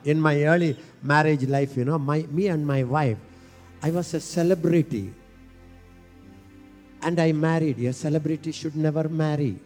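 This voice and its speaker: A man from India preaching a sermon, impassioned and leading the crowd in call-and-response with slow, stretched phrases. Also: a little high, darkish tone, faint music behind.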